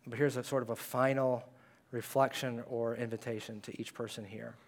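A male pastor giving a conversational, animated sermon in a church, at times dropping to a hush. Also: mid-range voice, normal speed. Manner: conversational and animated, dropping to hushed tones for quoted words. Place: church sanctuary.

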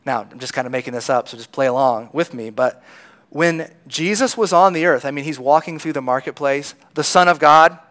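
A man's voice: a little high, fairly quick, a bit bright. A man preaching a sermon in a conversational storytelling manner, acting out the lines of people in the crowd. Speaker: pastor.

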